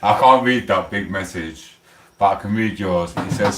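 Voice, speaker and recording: A man, a bit drunk, hosting a rambling, chatty livestream with loud banter. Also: deep voice, moderate pace, noisy background. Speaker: livestream host. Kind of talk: casual rambling livestream chat. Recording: roomy echo, distant from mic.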